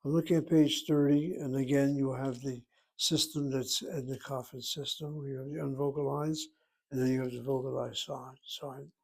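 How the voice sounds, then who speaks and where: A man teaching a Hebrew lesson, explaining slowly and carefully and sounding out words. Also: medium pitch, steady tone, gravelly, darkish tone, breathy edge. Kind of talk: slow classroom lesson.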